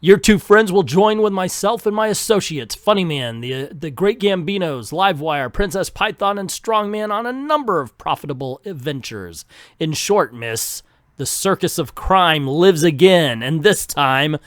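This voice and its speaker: A pompous villain ringmaster, put on by a man reading a comic aloud, gloats over his captives in slow, swelling tones. The voice is a little high and is recorded close and dry. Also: lively intonation, no echo, lightly acted. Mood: gloating. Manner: pompous, drawn-out theatrical delivery. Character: gloating grand male circus villain ringmaster.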